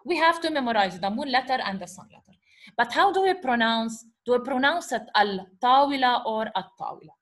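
Woman teacher, fairly high voice, keeps asking herself questions and saying okay. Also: lively intonation, brisk, fairly bright tone. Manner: repeats herself, asks and answers her own questions, says "okay" often. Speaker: Arabic teacher. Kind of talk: explaining grammar lesson.

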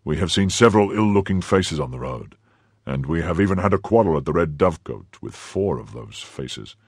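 A firm, courteous musketeer with a very deep, husky voice, speaking in a measured, respectful way, as a male narrator puts him on. The recording is close and dry. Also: expressive, darkish tone, dry recording, exaggerated voice.

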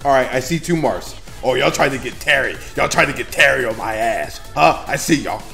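A man giving excited gameplay commentary as a YouTuber, trash-talking and swearing, dropping to mutters and then bursting into shouts. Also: mid-range voice, fairly quick, gravelly, echoey room, soft background music. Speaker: gaming YouTuber.

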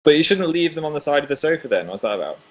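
A man's voice: fairly high pitch, sing-song, racing. A young man in his twenties casually chatting on a home livestream, reading viewer comments aloud with self-deprecating humor. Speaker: livestream host.

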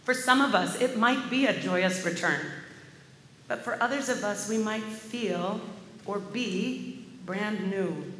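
A woman's voice: medium pitch, takes it slowly, fairly bright tone, a little hiss or hum. A woman minister delivering a sermon as a vivid personal story. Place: large church sanctuary. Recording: echoey hall with faint ambience.

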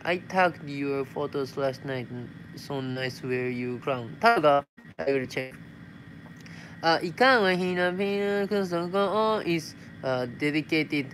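A man's voice: fairly high pitch, lively intonation, takes it slowly, a bit bright, a little hiss or hum. A young man from Japan with a Japanese accent, chatting casually on a live stream as he reads out viewer messages and replies in simple English sprinkled with Tagalog words. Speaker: vlogger.

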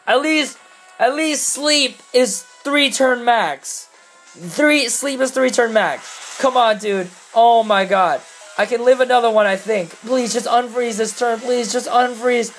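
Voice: mid-range voice, soft background music, low-quality recording. Exasperated, cursing game commentator. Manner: exasperated, swearing outbursts over bad luck; rushed, mumbled strategy talk between outbursts. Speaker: video game player commentating own battles. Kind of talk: gameplay commentary.

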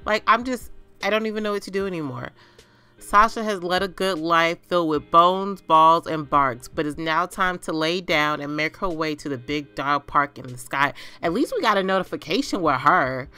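A woman's voice: lowish voice, normal speed, pushed and bright, clear, resonant tone. A woman hosting a let's play on her gaming channel, talking through the game in a dramatic, exclaiming way.

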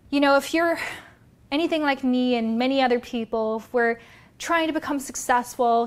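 Energetic woman coach talking straight to viewers, bright higher voice, motivational. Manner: energetic, direct, addresses viewers. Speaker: business coach and vlogger. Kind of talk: motivational talk to camera.

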